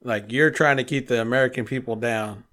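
A young man with a drawl tells work stories in a loose, cursing way. His voice sits at an ordinary middle pitch. He acts out the other people in his tales. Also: fairly quick, fairly bright tone. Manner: profane storyteller, acts out quoted people. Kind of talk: casual chat.

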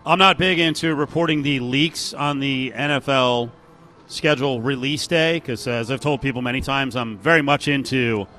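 A sports radio host with a bright, forceful voice. He leads the talk in a casual, conversational way with a wry edge. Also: medium pitch, moderate pace, slight background noise.

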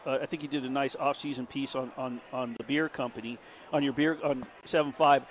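A man's voice: medium pitch, steady tone, a little fast. A male radio host interviewing a guest, chatty and wordy, spinning a long setup before his questions. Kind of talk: interview hosting.

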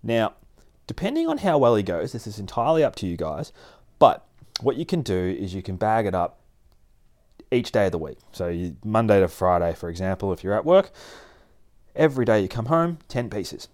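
A man explaining dog training in a casual, animated way, often laughing and acting out his dog. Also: fairly low pitch, moderate pace. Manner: animated, acts out dogs and people in playful voices, laughs often. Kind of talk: casual instructional talk.

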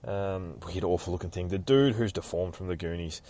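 A man's voice: deep voice, fairly quick, mellow. A man casually recapping a comic book in a rambling, heavily profane way. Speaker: podcast host recapping a comic.

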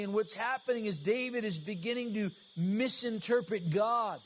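A man's voice: sits high, normal speed, few pauses. A man preaching an earnest, conversational sermon as pastor, often restarting his phrases. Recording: slightly dull, faint hiss.

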